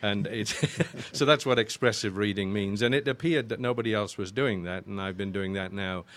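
An older man with an English accent, chatting as an interview guest. His voice sits fairly low and he rambles warmly through long stories, often restarting his sentences. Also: normal speed. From Yorkshire, northern England. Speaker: guest voice actor. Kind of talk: casual interview chat.

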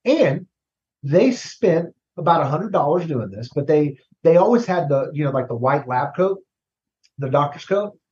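A man working as a recruiting consultant, talking casually as an interview guest, often restarting words and tagging sentences with a quick question. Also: fairly high pitch, animated, darkish tone, muffled recording. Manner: conversational, repeats words, tags "right?".

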